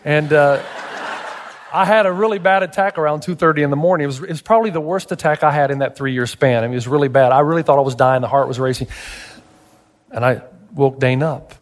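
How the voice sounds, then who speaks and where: A male pastor preaching a sermon, animated and emphatic, firing rhetorical questions at the congregation. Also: on the high side, quick pace, big-room sound. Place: church.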